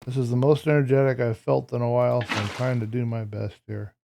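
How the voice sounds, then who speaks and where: A man's voice: medium pitch, level tone, brisk, creaky, noisy background. A man giving casual Minecraft gameplay commentary, a little tired and yawning, who likes to explain each step as he builds. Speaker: Minecraft YouTuber.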